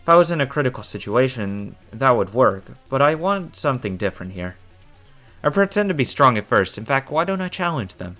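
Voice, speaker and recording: A man's voice: mid-range voice, big pitch swings, brisk, pushed and bright, faint music behind. A man reading a visual novel aloud in the first person, with casual asides full of swearing. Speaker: game reader.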